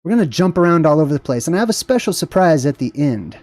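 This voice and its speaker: Rambling, enthusiastic man with a dry, mellow voice. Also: a little high, very animated, fast, dry recording. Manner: rambling and enthusiastic, many fillers and restarts. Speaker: host. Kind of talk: casual livestream commentary.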